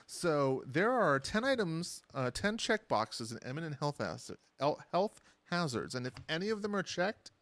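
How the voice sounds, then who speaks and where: Man, co-host, storytelling, lively, higher pitch. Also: normal speed, few pauses, dry recording. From living in Las Vegas. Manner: storytelling, animated, laughs easily. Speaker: podcast co-host. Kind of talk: casual chat.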